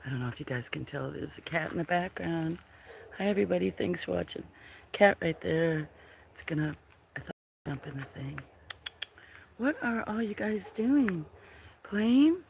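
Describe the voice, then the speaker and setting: Slow, low-voiced woman cooing to cats. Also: gravelly, a little hiss or hum. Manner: coos baby talk to cats; soft-spoken, drifts into whispers. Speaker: farm livestream host. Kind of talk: casual livestream chat. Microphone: camera mic.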